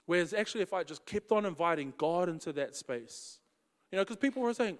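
A man's voice: high-pitched, expressive, a little fast, in a large hall. A man preaching in a casual, slangy storytelling way. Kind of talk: storytelling sermon.

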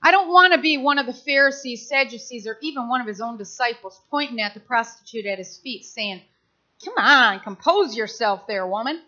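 A woman's voice: fairly high pitch, a little fast, hardly any pauses, sharp tone, highs cut off. A middle-aged woman pastor preaching a sermon in an impassioned, conversational way, acting out quotes as she goes.

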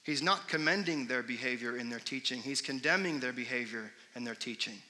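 Young preacher, chatty storytelling delivery, bright slightly high voice, echoing hall. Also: male voice, fairly quick. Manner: conversational, storytelling, sarcastic asides. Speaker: pastor. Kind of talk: sermon. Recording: long hall reverb.

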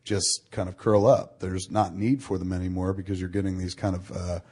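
A man's voice: sits low, flat delivery, moderate pace, darkish tone, husky. A man hosting a casual chat, telling long rambling stories and swearing freely. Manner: rambling, profane storytelling. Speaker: podcast host.

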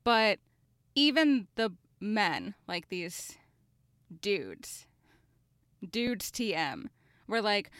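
Smooth-voiced woman in chatty reflection. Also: a little high, takes it slowly, fairly bright tone, dry recording, clean studio sound. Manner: chatty and reflective, many "like" fillers. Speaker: podcast co-host. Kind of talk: casual chat.

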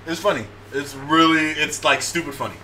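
A man's voice: a little high, fairly quick, sharp tone, slight background noise. A man in casual chat who rambles enthusiastically and laughs easily.

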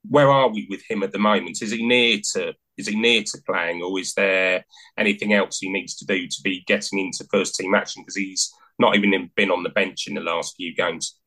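A man co-hosting a podcast, asking questions in a polite, careful way. His voice sits a little low. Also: a bit bright, rough recording. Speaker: podcast co-host.

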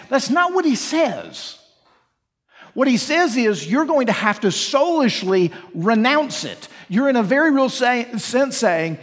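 High-voiced pastor preaching in a reverberant hall. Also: male voice, big pitch swings, measured pace. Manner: earnest preaching, rhetorical questions, voices imagined inner talk. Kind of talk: sermon. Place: church sanctuary.

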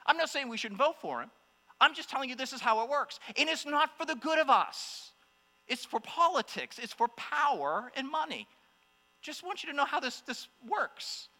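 A man preaching a sermon to a congregation, impassioned, swinging between loud exclamations and hushed asides. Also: extremely high pitch, animated, normal speed. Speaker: pastor. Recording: long hall reverb with mains hum.

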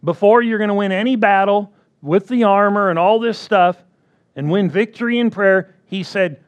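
A man's voice: sits high, moderate pace. A man preaching a sermon who repeats his key phrases and keeps asking the congregation for agreement.

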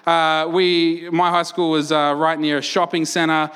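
A young Australian pastor telling a story from the pulpit, animated and joking at his own expense. His voice sits high for a man and comes out bright and forward. He keeps tossing quick checks to the congregation as he talks. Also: clear, resonant tone. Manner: animated, self-mocking, conversational, frequent "right?" and "like". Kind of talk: sermon with personal storytelling.

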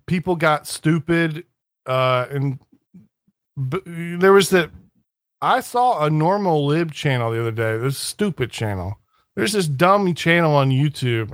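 A man's voice: a little high, a bit bright, no echo. Dry-voiced rambling man, casual chat. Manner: rambling, many restarts, sneering asides.

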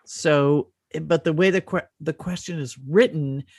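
A woman's voice: sits low, unhurried, a little mellow, slightly rough, dry recording. A woman co-hosting a casual chat, explaining her view at length and playing out little quotes. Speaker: podcast co-host.

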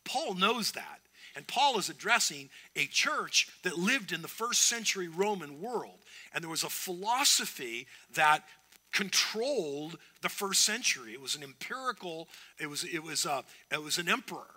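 Bright, emphatic male preacher. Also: on the high side, very animated, normal speed. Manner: earnest, emphatic preaching with restarts. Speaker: pastor. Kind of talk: sermon.

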